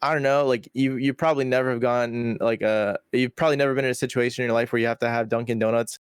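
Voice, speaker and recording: A man's voice: medium pitch, steady tone, fast talker, clean tone, dry recording. Young man rambling with heavy slang. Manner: rambling, heavy slang and swearing, many restarts. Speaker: podcast guest. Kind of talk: casual storytelling chat.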